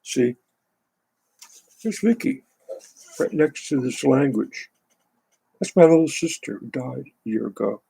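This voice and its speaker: A man's voice: mid-range voice, animated, a little slow, creaky, long pauses, warm tone, slightly rough, poor audio. A man reading a book aloud, then breaking off into sarcastic, indignant commentary.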